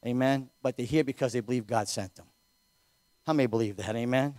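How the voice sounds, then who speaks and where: A fervent man leads a church offering and prayer. His voice sits at an ordinary pitch and sounds dry and close to the mic. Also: a little fast, a little mellow, no echo. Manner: fervent, repeats amen often. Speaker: local pastor. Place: church sanctuary.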